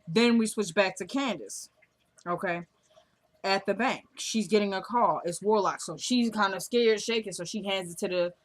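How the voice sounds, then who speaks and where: A woman vlogger casually recapping a TV drama episode in a slangy, animated storytelling way. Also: medium pitch, moderate pace.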